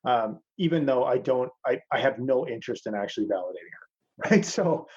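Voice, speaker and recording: A man's voice: medium pitch, animated, a little fast, darkish tone, husky, dull audio. A man teaching a masterclass in casual talk over a video call. He is blunt, swears freely and calls his listeners "man".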